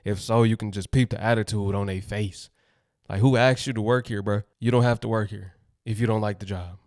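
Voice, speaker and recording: A man's voice: fairly low pitch, fairly even intonation, brisk, darkish tone, no echo, clean studio sound. A man chatting casually, blunt and slangy, giving his opinions. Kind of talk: casual chat.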